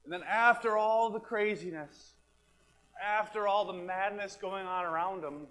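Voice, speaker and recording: A man's voice: sits high, measured pace, a bit bright, rough recording. A man preaching a sermon as pastor, talking plainly and repeating his key phrases, sometimes dropping to a whisper. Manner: drops to a whisper to make a point, then back up.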